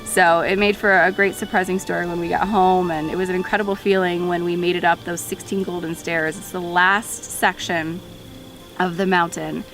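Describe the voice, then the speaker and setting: Tearful young woman, gravelly voice. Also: on the low side, flat delivery, normal speed, a bit bright, soft background music, low-quality recording. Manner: heartfelt, voice wavering with emotion. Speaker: daughter of the climber. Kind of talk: emotional documentary interview.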